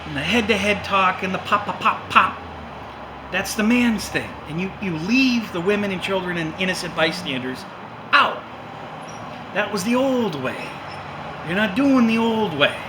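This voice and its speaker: A man's voice: high voice, expressive, moderate pace. Rambling profane man with noisy hiss. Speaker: host. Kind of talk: casual monologue.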